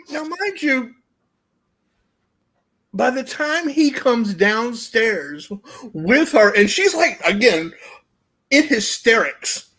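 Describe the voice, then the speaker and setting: A man telling a long, rowdy anecdote in casual chat and laughing along as he goes. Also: very high-pitched. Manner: animated storyteller, laughing through his own anecdote. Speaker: guest storyteller.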